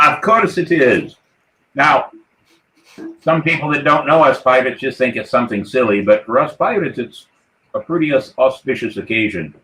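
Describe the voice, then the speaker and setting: A man's voice: medium pitch, moderate pace, bright, forceful tone, echoey room, low-quality recording. Hearty man hosting a pirate-themed podcast. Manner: hearty, toasting, rallying the crew. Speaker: podcast host. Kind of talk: live podcast chat in a playful pirate persona.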